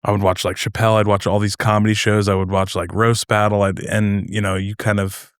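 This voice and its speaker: A man's voice: lowish voice, little pitch movement, fairly quick, clear, resonant tone, no room sound, studio quality. A young man from North New Jersey, a comedian guest chatting casually on a podcast, rambling and hesitant with many fillers.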